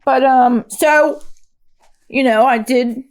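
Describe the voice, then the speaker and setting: A woman with a fairly high voice tells her own recovery story in a halting, candid way. She restarts often and leans on fillers. The delivery is unscripted and personal. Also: steady tone. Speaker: guest sharing recovery story.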